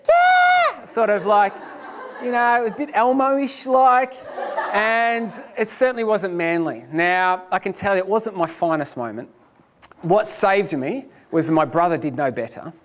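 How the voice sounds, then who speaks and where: A man giving a lecture, telling a personal story in an animated, self-deprecating way. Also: high-pitched, a little hiss or hum.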